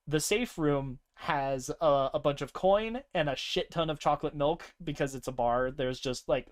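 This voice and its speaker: A young man co-hosting a podcast, casually recounting a tabletop game session with lively laughter. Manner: animated, laughing often, breaks into high-pitched character voices. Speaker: podcast co-host.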